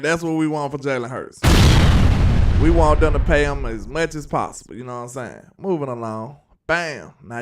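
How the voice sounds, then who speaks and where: Man, sports talk co-host, animated rant, slightly higher voice, a little off-mic, music behind. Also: clear, resonant tone, far from the mic. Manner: animated, laughing, playful rants. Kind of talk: casual sports chat.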